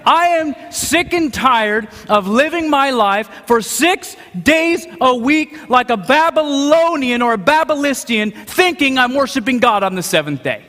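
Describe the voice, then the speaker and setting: Middle-aged male preacher with a high voice, dramatic and animated, in a big reverberant hall. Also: measured pace. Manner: dramatic, acts out quotes, swings from hushed to shouting. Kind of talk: sermon.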